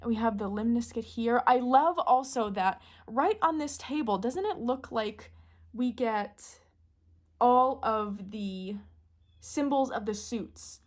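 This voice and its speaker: A woman in casual, excitable chat, gushing and giggling as she shows off a new deck. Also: a little high, slow pace. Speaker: tarot deck reviewer.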